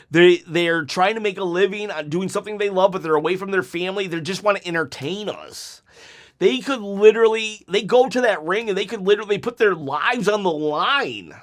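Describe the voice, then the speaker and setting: A man venting in a frustrated, emotional reaction vlog, stumbling and restarting as he talks. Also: high-pitched. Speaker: wrestling YouTuber.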